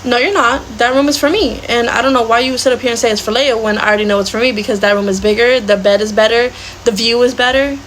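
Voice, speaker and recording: A woman's voice: a little high, fast talker, a bit bright, a little hiss or hum, lightly acted, low-quality recording. A woman acting out an entitled teenage girl in a comedy skit, indignantly claiming the best room. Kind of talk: comedy skit role-play.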